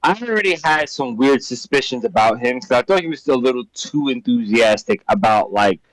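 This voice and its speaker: A man's voice: mid-range voice, animated, a little fast, dry recording, rough recording. A young man co-hosting a podcast, chatting casually and stumbling over restarts when eager. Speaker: podcast co-host. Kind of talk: casual chat.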